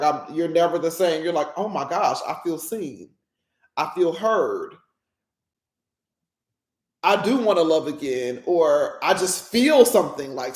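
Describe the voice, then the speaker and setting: Woman podcast host, solo reflective monologue, candid and emotional, rambling restarts, echoey room. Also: sits low.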